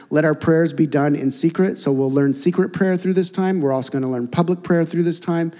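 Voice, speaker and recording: Guy pastor preaching, kinda high mellow voice, earnest and chatty, echoey big church. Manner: earnest, conversational preaching with soft, intimate drops. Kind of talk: sermon.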